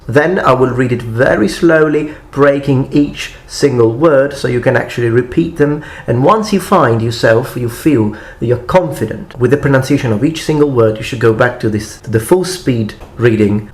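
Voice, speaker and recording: A man giving a language lesson on his channel, explaining pronunciation carefully and modeling words for the listener to repeat. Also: medium pitch. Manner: careful, deliberate pronunciation drills. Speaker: language tutor.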